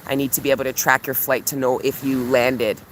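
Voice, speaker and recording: A woman speaks in a relaxed, affectionate way straight into her phone while walking outdoors. She keeps up a steady stream of casual chat with her viewers and reads their comments out as she goes. A little faint outdoor noise sits behind her voice. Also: extremely low pitch, a little fast. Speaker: spiritual coach and retreat host.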